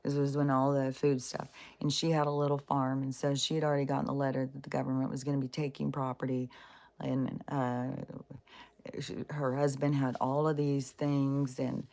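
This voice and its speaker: A woman with a low voice tells a loose, rambling story to her viewers, blunt and heavy with swearing. Her voice has a gravelly fry running through it. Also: little pitch movement, normal speed, a little mellow. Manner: profane, blunt and exasperated; rambling with many fillers and restarts. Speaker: spiritual vlogger.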